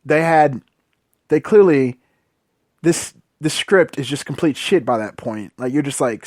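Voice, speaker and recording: A man's voice: a little high, lively intonation, moderate pace, no room sound, clean studio sound. A man giving a casual, profane, sarcastic movie review, exasperated and full of fillers. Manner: loose filler-heavy talk.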